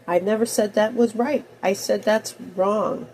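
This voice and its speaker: A woman in her fifties with a cold, talking in a rambling personal monologue that swings between loud outbursts and soft mutters. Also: mid-range voice, measured pace, few pauses, a little hiss or hum, poor audio. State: has a cold. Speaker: video blogger.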